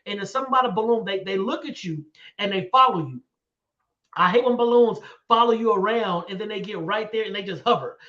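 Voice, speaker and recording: A man hosting a live talk show, telling stories with excitement and quick laughs. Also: sits high, highs cut off. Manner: excitable storyteller, laughs often, dramatic about fears. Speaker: show host. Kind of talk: animated live-stream chat.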